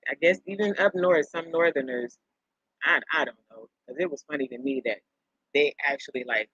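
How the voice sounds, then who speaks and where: A woman's voice: low-pitched, normal speed, fairly bright tone, breathy edge, no room sound. A middle-aged woman hosting a live stream, chatting casually and rambling through stories with chuckles and repeats. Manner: rambling storyteller, chuckles often, repeats herself. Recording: dull lo-fi sound.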